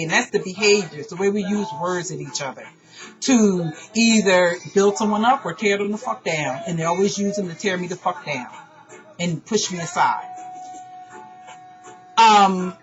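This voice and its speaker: A woman pours out her frustration in a raw, profane personal monologue, talking at a middling pitch. Her voice comes through a dull, lo-fi recording with faint music underneath. She sounds like an online radio host airing grievances to her listeners. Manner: emotional, profane, exasperated.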